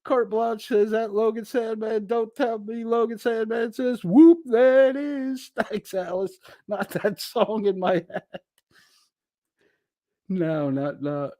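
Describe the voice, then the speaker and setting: Guy reading his stream chat out loud, swearing a lot and cracking up, dead dry sound. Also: sits high, slow, no echo. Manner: crude, laughing, reads viewer comments aloud. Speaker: livestream host reading chat. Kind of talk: casual livestream chat reading.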